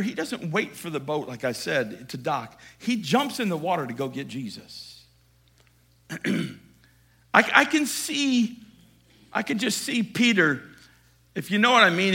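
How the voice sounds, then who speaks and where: A male preacher retelling a scripture story in a conversational sermon, dropping to quiet asides and building to emphatic passages. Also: on the high side, big pitch swings, unhurried, long pauses, slightly rough.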